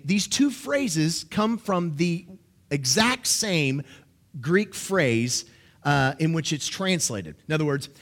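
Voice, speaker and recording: A man's voice: high voice, fairly bright tone. A man preaching a sermon, teaching emphatically and checking in with his listeners.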